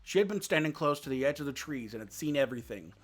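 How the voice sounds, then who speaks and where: Animated man reading a storybook. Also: mid-range voice, quick pace. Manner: expressive, animated narration. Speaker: VTuber reader.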